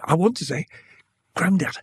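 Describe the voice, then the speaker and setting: A British man in his sixties, an interview guest telling candid stories from his life in a measured, reflective way. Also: medium pitch, animated, creaky, breathy edge, no room sound, clean studio sound. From Britain. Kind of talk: reflective conversational storytelling.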